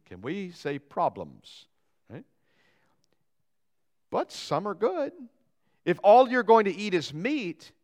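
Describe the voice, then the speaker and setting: A man preaching a sermon as pastor, lively and joking, acting out quotes and asides. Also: high voice. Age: young adult or middle-aged, father of young boys.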